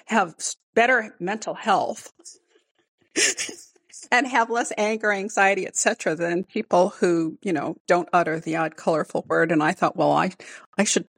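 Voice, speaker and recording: A woman scientist chatting casually, animated and quick to laugh, often restarting her words. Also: on the low side, dry recording. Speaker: scientist guest. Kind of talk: casual conversation. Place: home in Northern Kentucky.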